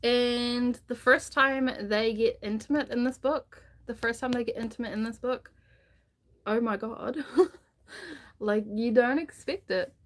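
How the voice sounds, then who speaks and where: A woman with a slightly high voice talks loosely on a live stream. She gushes about a book she loved, stumbles over her words and restarts her sentences, with plenty of fillers. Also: measured pace. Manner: chatty and rambling, with many restarts and fillers; gushing enthusiasm about a book. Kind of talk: casual live book chat.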